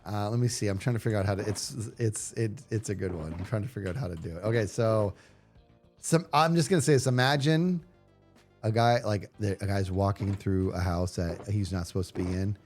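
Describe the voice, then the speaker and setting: A man streaming a video game live, chatting casually with viewers and yelling playfully at the enemies on screen. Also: on the low side, brisk, faint music behind. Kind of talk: casual live gameplay commentary.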